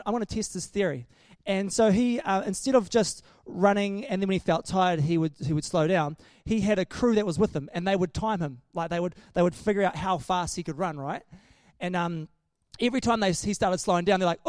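A man's voice: high voice, darkish tone, dry recording, clean studio sound. A man preaching a casual sermon in a chatty, joking way, often restarting his sentences.

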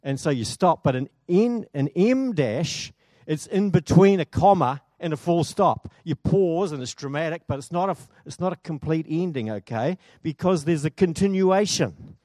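A man's voice: on the high side, lively intonation, normal speed, mellow, no echo, clean studio sound. Chatty, enthusiastic male preacher. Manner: chatty, enthusiastic, asks the congregation questions. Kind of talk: sermon. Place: church.

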